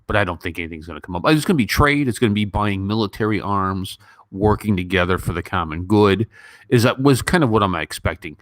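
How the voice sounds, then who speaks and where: A man from Gary, Indiana, around fifty, hosting a casual live Q&A, answering viewers with sardonic deadpan jokes and frequent ums. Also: fairly low pitch, fairly quick, dry recording, studio quality. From Gary, Indiana, United States. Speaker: livestream host answering viewer questions.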